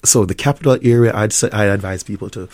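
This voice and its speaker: A middle-aged man with a Jamaican accent talks in an upbeat, easygoing way, with a lowish voice. He laughs often as he chats in an interview. The sound is dry and close. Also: quick pace, darkish tone, dry recording. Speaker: restaurant owner and chef. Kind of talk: interview conversation.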